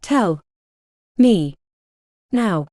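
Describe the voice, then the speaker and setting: A woman's voice: medium pitch, big pitch swings, moderate pace, dark tone, no room sound, studio quality, close to an everyday voice. A woman reading the part of an arrogant male hospital doctor who speaks with contempt and threats. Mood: contemptuous.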